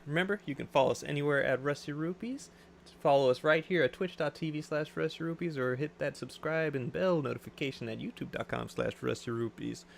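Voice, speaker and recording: A man's voice: a little high, a little fast, creaky, a little hiss or hum. A man hosting a casual gaming podcast, laid-back as he signs off the episode. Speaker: podcast host.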